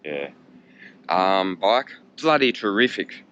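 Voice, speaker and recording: A man's voice: deep voice, big pitch swings, slow pace, fairly bright tone, dull audio. A man with an Australian accent chatting casually in a vlog outdoors in a park, joking and talking to himself, filmed on a handheld camera. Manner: chatty, jokey, talks to himself. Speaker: cycling vlogger.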